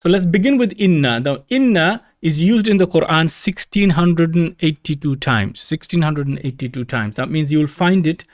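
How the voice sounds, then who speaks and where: A man's voice: on the high side, lively intonation, moderate pace, hardly any pauses. A man teaching Arabic grammar in a recorded lecture, patiently repeating the key points for emphasis.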